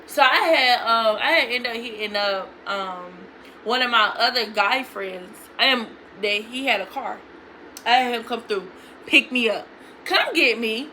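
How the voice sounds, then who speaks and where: A woman's voice: a little high, a little slow, pushed and bright, slight background noise, low-quality recording. A young woman vlogging a casual storytime, retelling it bluntly with lots of profanity.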